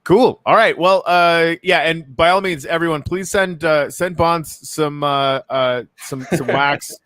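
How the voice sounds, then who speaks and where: Man hosting, halting with lots of fillers. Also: on the high side, a bit bright, no room sound. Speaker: show host. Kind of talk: casual podcast chat.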